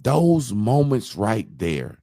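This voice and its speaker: Man, low voice, lively pitch, profane storytelling, dry close sound. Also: slow, creaky, no room sound. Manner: profane, animated storytelling, acts out quotes. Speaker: podcast co-host. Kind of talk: casual storytelling chat.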